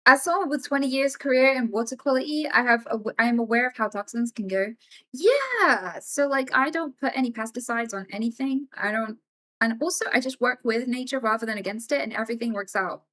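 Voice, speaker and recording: A woman's voice: on the high side, brisk. A woman live-streaming from home, telling a casual story to her chat in an emphatic way, with plenty of swearing. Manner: emphatic and swearing, animated as she tells a story.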